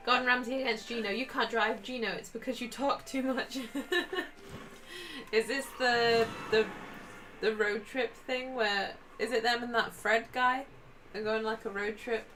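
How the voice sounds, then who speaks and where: A woman's voice: fairly high pitch, unhurried, bright, forceful tone, soft background music, rough recording. A woman co-hosting a gaming video, chatting and telling stories with frequent laughs. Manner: chatty, giggly storyteller. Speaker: co-host. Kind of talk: casual chat.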